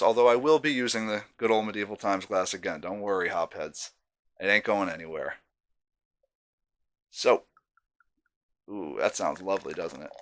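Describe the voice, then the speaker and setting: A man's voice: on the low side, fairly bright tone. A man casually reviewing a beer on camera, chatty and self-deprecating, with savoring asides.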